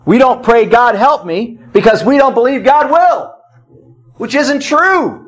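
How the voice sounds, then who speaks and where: A man preaching a sermon as pastor, swinging from loud emphatic cries to low quiet asides. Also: animated, moderate pace.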